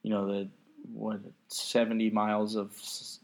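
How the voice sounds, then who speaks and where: A man's voice: on the low side, monotone, a little slow. A man co-hosting a podcast in casual chat, ranting sarcastically and swearing freely. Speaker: podcast co-host.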